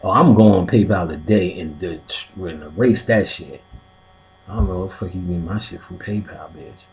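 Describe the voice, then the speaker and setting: A man hosting a casual occult talk, swearing constantly and laughing, jumping between high excited yelps and low mutters. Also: moderate pace, vocal fry, a little hiss or hum. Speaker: host of an occult class stream. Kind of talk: casual profane chat.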